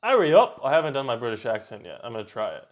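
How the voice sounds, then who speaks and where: A man hosts a reaction video, chatting casually and firing quick outbursts back at the screen. His voice is medium-pitched and animated.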